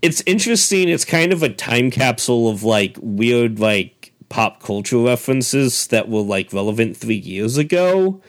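A man's voice: medium pitch, big pitch swings, measured pace, hardly any pauses. A middle-aged man co-hosting a casual chat, rambling with lots of asides. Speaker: co-host.

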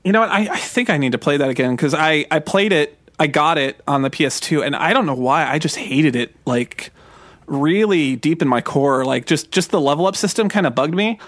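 A man in his thirties co-hosting a casual podcast, retelling a game with animated quoted voices. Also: a little fast, no room sound. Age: 30s. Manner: animated, acts out quotes in a high put-on voice. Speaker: podcast co-host.

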